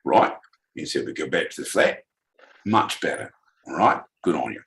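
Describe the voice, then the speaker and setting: Dude doing a mouthy cockney lad, rambling and sweary, bright tense voice. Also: male voice, a bass voice, very animated, moderate pace, gravelly, slight background noise, voice pushed down, heavily acted, rough recording. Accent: put-on Cockney. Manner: rambling, swearing, breaks into laughs.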